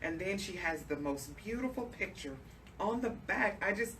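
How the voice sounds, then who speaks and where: A woman's voice: mid-range voice, animated, moderate pace, fairly bright tone. A woman hosting a radio talk show, effusive and emotional, speaking straight to her audience. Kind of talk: interview chat. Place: radio studio. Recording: distant mic with clear background noise.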